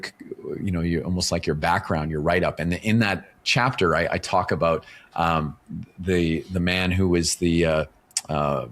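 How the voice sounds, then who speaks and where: A man's voice: sits low, a bit bright. A middle-aged man, a guest talking casually in an interview and explaining ideas through stories, often tagging his points with "right?". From Canada. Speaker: author and professional speaker, podcast guest.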